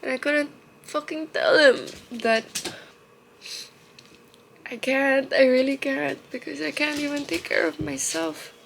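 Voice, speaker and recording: A tearful young woman in a confessional vlog, speaking haltingly with emotion and trailing off into soft murmurs. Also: high voice, steady tone, gravelly, a little hiss or hum, poor audio. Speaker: vlogger.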